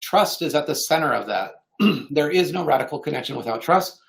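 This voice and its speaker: A man co-presenting a fundraising webinar, talking earnestly and clearing his throat now and then. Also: on the high side, lively intonation, fairly quick.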